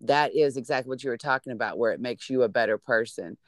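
A woman's voice: extremely low pitch, fast talker, dry recording, clean studio sound. A woman chatting casually, effusive and encouraging toward her friend. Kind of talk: casual chat.

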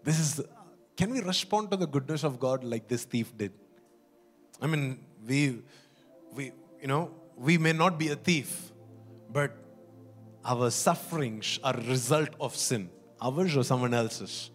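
A man's voice: mid-range voice, a little slow, soft background music. A man preaching a sermon in an earnest, pleading way, often repeating and restarting phrases.

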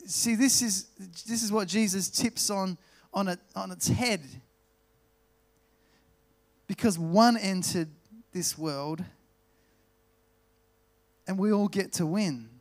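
A man with an Australian accent preaching a sermon, telling stories and slowing down to stress key words. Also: high-pitched. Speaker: pastor.

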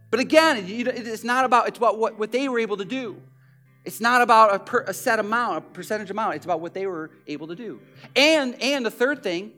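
A male pastor with a notably high-pitched voice preaches in a loose, conversational way, circling back and repeating key phrases. A faint guitar plays quietly behind him. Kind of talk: sermon.

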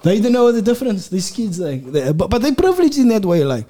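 Male podcast host, higher voice, relaxed slangy storyteller. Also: fast talker. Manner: laid-back storytelling with slang and laughter. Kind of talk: casual chat.

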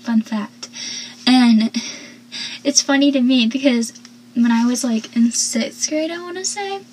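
A woman's voice: a little high, a little slow, a little mellow, slight background noise, poor audio. A young woman casually recapping a TV episode, rambling, talkative and full of asides.

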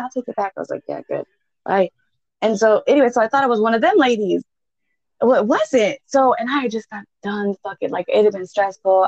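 A woman in her thirties, a podcast co-host, telling a story in casual chat, full of swearing and laughter. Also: medium pitch. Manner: profane, laughing, animated storyteller. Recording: dull, dry lo-fi sound.

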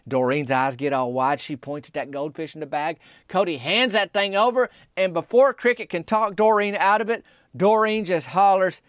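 A man telling a rambling, folksy small-town story, raising his pitch to quote the people in it. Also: normal speed, few pauses, clean tone, dry recording, studio quality. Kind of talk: folksy comic storytelling monologue.

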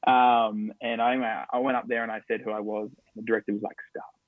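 A man's voice: fairly low pitch, flat delivery, fast, no room sound. Young Australian male actor, upbeat storyteller, dry phone-line sound. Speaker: guest, stage actor. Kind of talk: casual interview chat.

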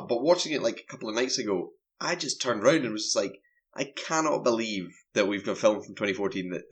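Man recapping a horror film. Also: medium pitch. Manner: animated storytelling, recaps scenes. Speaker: film podcast co-host. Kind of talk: casual film review chat.

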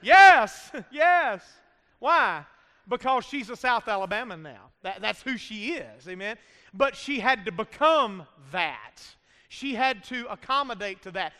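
A man's voice: high-pitched, animated, a little slow, sharp tone. A man preaching a sermon with emphatic delivery and frequent calls of "amen" to the congregation. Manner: emphatic preaching with frequent call-and-response amens. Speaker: pastor. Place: church sanctuary. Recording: reverberant hall.

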